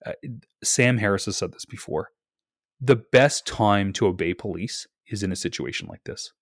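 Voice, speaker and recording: With a lowish voice at a moderate pace, a young podcast co-host retells a story with animation, lots of swearing, hedging and false starts. The studio recording is dry and clean.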